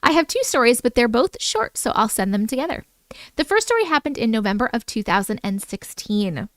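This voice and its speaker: A woman chats and reads viewers' stories aloud on a livestream, playful and quick to joke. Her voice is high and smooth and swings around a lot in pitch. The sound is dry and close. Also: sing-song, no room sound. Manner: playful, chatty, breaks off to joke and laugh. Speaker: host reading viewer stories. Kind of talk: casual livestream chat and story reading.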